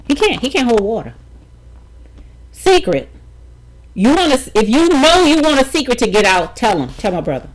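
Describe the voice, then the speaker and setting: A woman's voice: a little high, very animated, moderate pace, pauses often, low-quality recording. A middle-aged woman vlogging a personal story, emphatic and talking straight to her viewers with frequent check-ins.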